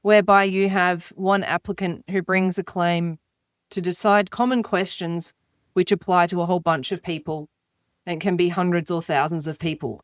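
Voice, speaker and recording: A woman, a former barrister co-hosting a podcast, explaining things clearly and playfully. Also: on the low side, steady tone, moderate pace, no echo, studio quality. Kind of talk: casual podcast chat.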